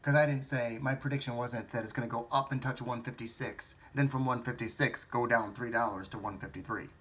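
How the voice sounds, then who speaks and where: A man's voice: mid-range voice, steady tone, brisk, fairly bright tone. A man thinking aloud about a stock trade in a rambling, self-questioning way, with some swearing. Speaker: stock trading vlogger. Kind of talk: thinking-aloud market commentary.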